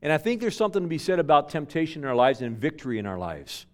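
A man preaching a sermon as pastor, telling stories with repeated words and restarts, dropping from loud emphasis to hushed near-whispers. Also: fairly high pitch, big pitch swings, fast.

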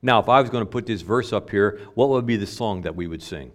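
A male pastor preaching a sermon in a conversational way, slowing down and leaning hard on key words. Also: lowish voice.

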